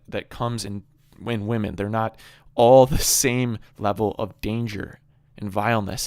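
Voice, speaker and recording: A man's voice: lowish voice, dry recording, studio quality. A man giving a preachy monologue on a Bible story, emphatic and fond of rhetorical questions and repeated phrases. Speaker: video commentator on Bible stories.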